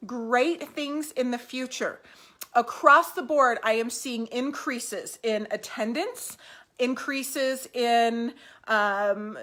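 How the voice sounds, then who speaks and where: A woman's voice: on the high side, a bit bright. A woman talking casually to camera at home about doll collecting, upbeat and encouraging, with fillers and restarts.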